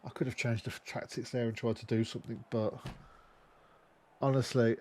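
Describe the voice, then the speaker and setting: A young man giving casual, expressive let's-play commentary on a football management game, swearing freely. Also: medium pitch, moderate pace, slight background noise. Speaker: gaming YouTuber.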